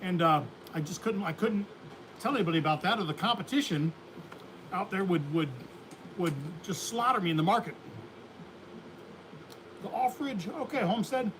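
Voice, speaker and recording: A man's voice: high-pitched, animated, normal speed, pauses often, noisy background. A man hosting a beekeeping livestream, chatting casually in a folksy, rambling way and laughing often. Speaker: beekeeping channel host.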